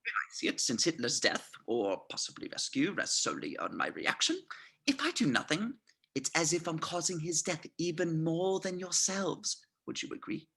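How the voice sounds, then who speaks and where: A script reader voicing a cunning, smooth-talking male SS colonel in a theatrical, mock-polite way, swinging between hushed and loud. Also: medium pitch, big pitch swings, moderate pace, exaggerated voice. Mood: scheming. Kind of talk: amateur script reading.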